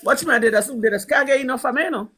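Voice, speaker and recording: High, bright-voiced Trinidadian woman, fervent. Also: fast talker, low-quality recording. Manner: fervent, emphatic, repeats for effect. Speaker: live-stream commentator. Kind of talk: impassioned political talk.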